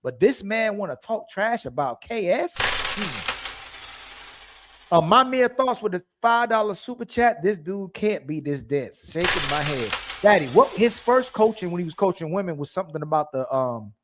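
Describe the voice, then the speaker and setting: Livestream co-host, young man, reads super chats aloud, trips on names, higher voice. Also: big pitch swings, normal speed, noisy background. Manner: reads donor messages aloud, stumbles over names. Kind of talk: casual livestream chat.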